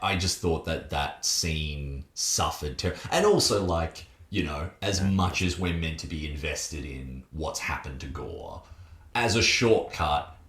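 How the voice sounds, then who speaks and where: Deep-voiced man ranting about a film. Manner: animated, digressive, swearing, quick asides. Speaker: film podcast co-host. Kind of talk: casual film review chat. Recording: roomy echo.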